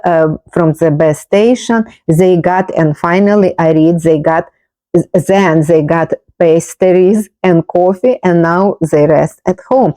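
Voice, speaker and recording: A woman's voice: lowish voice, mellow, no echo. A woman telling a personal story to the camera, searching for words with many fillers and restarts, and rising sharply when amused or exasperated. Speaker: video host.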